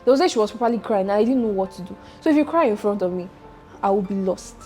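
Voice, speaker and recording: A young Nigerian woman hosts a casual interview in a mid-range voice, playful and teasing. Soft music sits faintly behind her. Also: medium pitch, lively intonation, racing. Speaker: podcast host.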